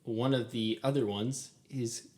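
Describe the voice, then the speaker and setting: A man's voice: medium pitch, steady tone, unhurried, mellow. A young man co-hosting a casual podcast about a film. He talks eagerly with many "um"s and laughs often. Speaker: podcast co-host.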